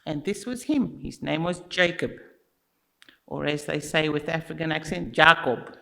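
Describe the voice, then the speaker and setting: A speaker telling a story at a church service, in an unhurried, expressive way and talking straight to the listeners. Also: medium pitch, creaky, poor audio. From Australia. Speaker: children's story teller at church.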